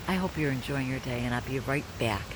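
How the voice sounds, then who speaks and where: Lady in her 60s, real low voice, chatting away on her vlog, laughs a lot. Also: animated, a little fast, background noise. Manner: chatty, storytelling, laughs often. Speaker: vlogger. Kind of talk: casual chat to camera.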